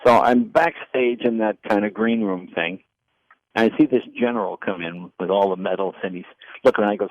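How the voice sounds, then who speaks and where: A man in his sixties, a comedian and former talk show host, telling lively anecdotes in an interview and acting out the people in them. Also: fairly low pitch, fairly quick, no echo. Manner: animated anecdotes with quoted voices. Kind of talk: storytelling interview. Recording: dull lo-fi dry sound.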